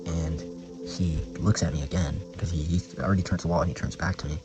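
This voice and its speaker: A man's voice: sits low, fairly even intonation, brisk, rough recording. A young man vlogging a casual story in a rambling, slangy way, swearing often and using lots of filler words. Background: background music.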